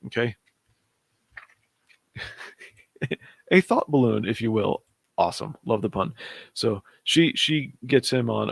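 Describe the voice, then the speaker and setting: A man with a gravelly, mid-pitched voice talks his way through a comic book, thinking aloud. He is chatty and hums and chuckles to himself as he goes. The sound is close and dry, with no room echo. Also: normal speed. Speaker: comic reviewer streaming.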